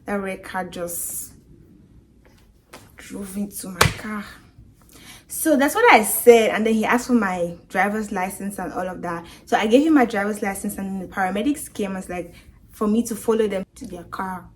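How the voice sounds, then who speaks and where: A young woman tells her own story straight to her viewers as a storytime testimony. She is shaken and emotional, her pitch sitting in a middle range. She slips into other people's voices as she recounts what they said. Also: moderate pace, a little hiss or hum. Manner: emotional retelling, acting out quoted voices. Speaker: vlogger.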